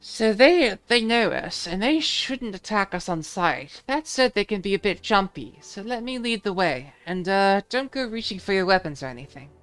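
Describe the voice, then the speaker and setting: A woman voicing an airy young British woman who leads the way, in a light, measured put-on British accent. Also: mid-range voice, lively intonation, a bit bright, soft background music, pitched above the performer's own voice, lightly acted. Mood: brisk.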